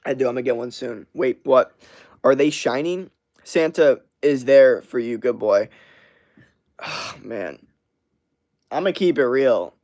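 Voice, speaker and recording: A young man streams live, reading and answering chat messages in a loose, swearing, casual way. His medium-pitched voice is a little mellow and moves at a moderate pace.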